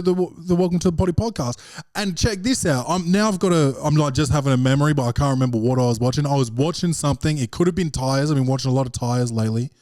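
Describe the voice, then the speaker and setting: An Australian comedian hosts a podcast, rambling through a casual monologue full of profanity and slang, with "bro" coming up again and again. His voice is on the high side and slightly mellow, recorded in studio quality with no echo.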